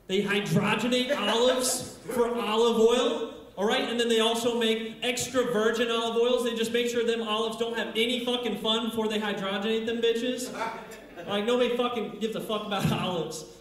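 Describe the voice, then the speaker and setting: Man, stand-up comic, crude rambling deadpan delivery, fairly high voice, heavy bar-room echo. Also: normal speed. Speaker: stand-up comedian. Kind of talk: stand-up set. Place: bar stage at open mic night.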